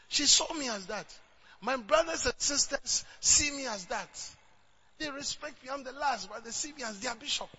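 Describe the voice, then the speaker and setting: Bright-voiced Ghanaian preacher man. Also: very high-pitched, expressive, normal speed, dull audio, a little hiss or hum. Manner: switches between English and Twi, rising to shouts. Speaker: pastor. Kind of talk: sermon.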